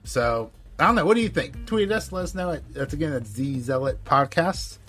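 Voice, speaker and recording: A man co-hosting a podcast in casual chat, rambling and animated, with lots of filler words. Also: fairly high pitch, moderate pace, soft background music. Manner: rambling, animated, heavy use of "like". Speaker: podcast co-host.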